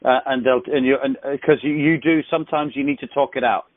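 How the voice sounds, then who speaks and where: A man's voice: mid-range voice, fairly even intonation, fast talker, no echo. Man coaching over a tinny phone line. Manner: effusive praise, many restarts. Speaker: sales coach leading an accountability call. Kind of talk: coaching on a conference call. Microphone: headset.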